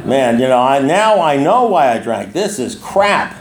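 A man's voice: medium pitch, very animated, a little slow, echoey room, crowd noise. A man in his sixties speaking to a recovery group, telling a long personal story in a rambling way with many restarts and asides. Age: 60s.

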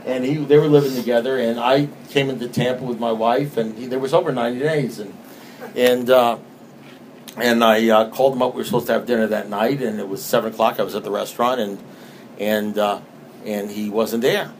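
A man's voice: mid-range voice, fairly even intonation, fairly quick, a little hiss or hum, rough recording. A man telling stories to an audience in a loose, conversational way, often asking "you know what I mean" and repeating lines when he reads aloud. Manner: reads book passages aloud with repetition. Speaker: speaker sharing recovery experience. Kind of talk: storytelling talk to an audience.

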